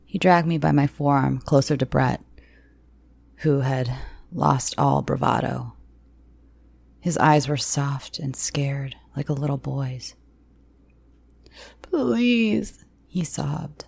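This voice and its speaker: A woman narrating dark first-person audio fiction in a slow, hushed, often near-whispered manner. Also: a bass voice, fairly even intonation, gravelly, dry recording.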